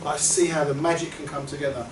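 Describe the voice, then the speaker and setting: A man giving a reflective workshop talk to a group, earnest and halting, often trailing off softly. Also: a little high, steady tone. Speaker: workshop presenter. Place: meeting room. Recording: echoey room from far off, noisy.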